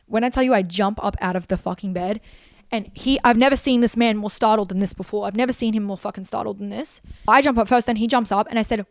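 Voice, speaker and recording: A woman's voice: medium pitch, steady tone, fast talker, dry recording, studio quality. A young Australian woman telling a personal story with intense, profane emphasis and repeated phrases. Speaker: vlogger.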